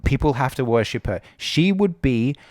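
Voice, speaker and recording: A man's voice: medium pitch, expressive, normal speed, darkish tone, no echo, studio quality. A man co-hosting a podcast, talking in a casual, opinionated and scornful way. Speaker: podcast co-host.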